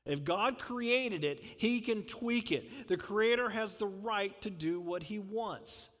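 A man's voice: high voice, takes it slowly, a bit bright, big-room sound. A man preaching a conversational sermon, full of asides and rhetorical questions. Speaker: pastor.

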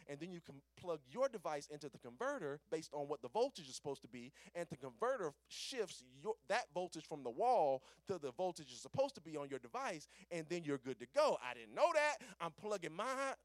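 Male preacher, high gravelly voice, dry close sound, storytelling sermon with amen call-outs. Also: dry recording. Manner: animated, calls for amen, acts out quotes.

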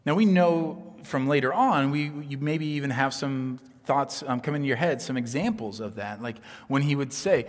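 A man preaching a sermon as pastor, earnest and emphatic, dropping to a hush on key points. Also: medium pitch, normal speed, few pauses, in a large hall.

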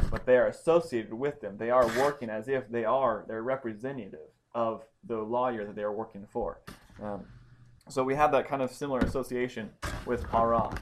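A man's voice: medium pitch, noisy background. Man methodically teaching Greek grammar. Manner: methodical, explanatory, with frequent ums and restarts. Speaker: Bible study teacher. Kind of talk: explaining Greek grammar in a Bible lesson.

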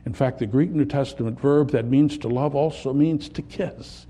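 A man preaching a sermon, building to impassioned peaks and dropping to quiet, reflective lines. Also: medium pitch, moderate pace, hardly any pauses, breathy edge. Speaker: pastor.

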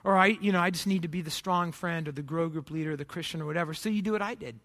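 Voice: medium pitch, very fast, a bit bright. A pastor preaching a sermon in a conversational storytelling way, with frequent restarts and rhetorical questions to the congregation. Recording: long hall reverb.

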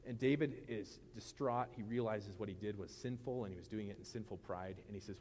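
A middle-aged man preaches a relaxed, joking sermon, slipping into funny asides. His voice sits a little low. A faint hum of room noise lies behind him. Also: a little fast, few pauses. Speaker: pastor. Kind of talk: casual humorous sermon.

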